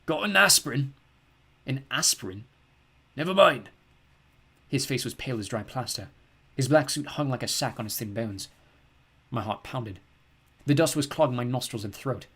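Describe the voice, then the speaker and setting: A man narrating an audiobook in first person, calm and plain. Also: mid-range voice, moderate pace, breathy edge. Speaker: audiobook reader.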